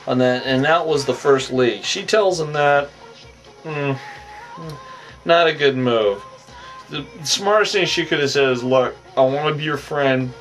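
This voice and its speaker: A man's voice: fairly high pitch, a little slow, long pauses, a bit bright, faint music behind, low-quality recording. A man giving a casual, rambling recap of a TV episode, with a habit of saying "on that" and frequent chuckles. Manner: rambling, repeats the tic "on that", chuckles often. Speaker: recap host.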